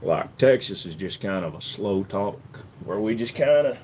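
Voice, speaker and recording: A man's voice: fairly low pitch, animated, moderate pace, a little mellow, a little hiss or hum. A man from the United States hosting a casual livestream, joking and answering viewers' questions at a desk microphone. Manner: joking, slips in and out of put-on accents. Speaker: livestream host.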